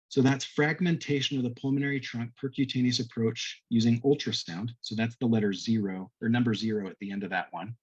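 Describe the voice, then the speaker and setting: A man's voice: medium pitch, darkish tone, slightly rough, no echo, lo-fi sound. A man on a virtual industry panel, explaining billing codes step by step in a conversational way over a video call. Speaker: medtech reimbursement panelist.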